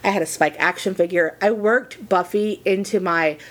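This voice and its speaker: A woman's voice: mid-range voice, moderate pace. A woman co-hosting a podcast, telling a rambling, gushing story in casual chat. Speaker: podcast co-host.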